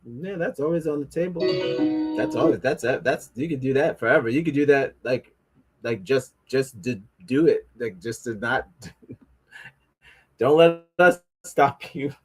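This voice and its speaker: A man's voice: mid-range voice, measured pace, soft background music. Man, mid-range voice, live stream chatter, rambling, stumbling reads, sarcastic. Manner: rambling, stumbling over words while reading aloud. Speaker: livestreamer. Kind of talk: casual livestream commentary.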